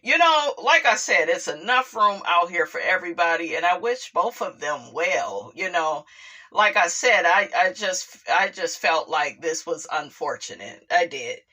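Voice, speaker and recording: A woman's voice: on the low side, animated, measured pace, pushed and bright. A woman hosting a casual gossip commentary show. She is chatty and leans on fillers like "you know" and "like I said" while she reads news items aloud and weighs in on them. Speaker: commentary channel host.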